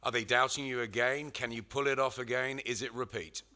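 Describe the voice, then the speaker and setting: A man's voice: mid-range voice, steady tone, brisk, pushed and bright. A man presenting a press conference who puts direct, probing questions to the fighters.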